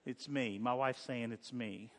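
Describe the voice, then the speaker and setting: A man's voice: medium pitch, a little slow, fairly bright tone, big-room sound. A male pastor preaching a sermon in a church, conversational and joking with the congregation. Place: church sanctuary.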